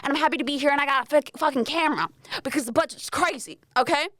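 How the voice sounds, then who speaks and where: A fast-talking young Australian woman hosts a casual podcast by herself, rambling on, making fun of herself and swearing freely. Her voice is high and fairly bright, with no room sound.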